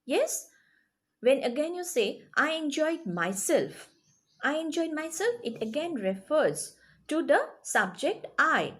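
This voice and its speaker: A woman's voice: high-pitched, sing-song, slow. A woman teaching a grammar lesson to children, explaining patiently and checking in with questions. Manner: explains patiently, checks in with rising "yes?" and "okay?".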